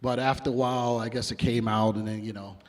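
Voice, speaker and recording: A man's voice: mid-range voice, fairly even intonation, quick pace. New guy in his 50s, mid voice, cussing a lot, telling stories loose and blunt. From New York. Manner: blunt and heavily profane, acts out quotes. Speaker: interview guest, music producer. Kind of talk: casual interview storytelling.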